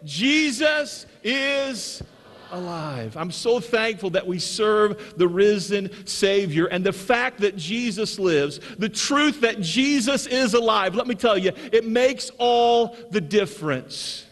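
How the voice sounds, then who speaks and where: A man with a high, bright voice preaches to his congregation, repeating key phrases and pausing for the crowd to answer amen. His sermon rings out with a long reverb, as if filling a large church sanctuary. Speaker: pastor. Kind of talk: Easter sermon.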